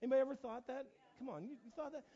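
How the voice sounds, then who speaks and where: High-voiced animated middle-aged preacher. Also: male voice, very fast. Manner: animated, self-mocking, lots of restarts and fillers. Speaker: pastor. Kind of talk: storytelling sermon. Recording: dull lo-fi recording.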